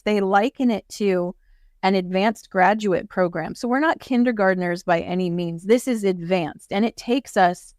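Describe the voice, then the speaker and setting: Appearing as a guest in a casual interview, a woman earnestly works through spiritual ideas and acts out the voices of those she quotes. She has a medium-pitched voice at a moderate pace, recorded in studio quality without echo.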